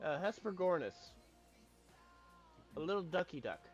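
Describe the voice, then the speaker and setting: A man streaming a game and chatting casually, brash and swearing a lot, bursting into shouts. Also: high-pitched, very animated, moderate pace, highs cut off, soft background music. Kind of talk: casual gaming chat.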